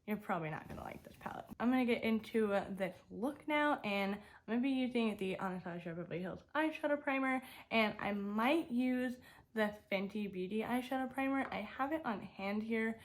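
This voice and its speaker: Young female beauty vlogger, slightly high voice, chatty step-by-step tutorial delivery. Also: normal speed. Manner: chatty, talking through each step. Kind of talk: casual makeup tutorial talk.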